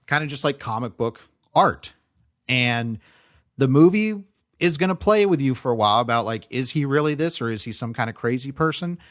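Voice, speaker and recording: A man's voice: mid-range voice, fairly bright tone. Rambling man reviewing movies. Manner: rambling, frequent fillers and restarts. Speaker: podcast co-host. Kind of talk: casual movie review chat.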